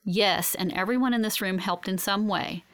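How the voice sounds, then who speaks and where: Calm reassuring medic woman, read by a woman. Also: mid-range voice, moderate pace, close to an everyday voice.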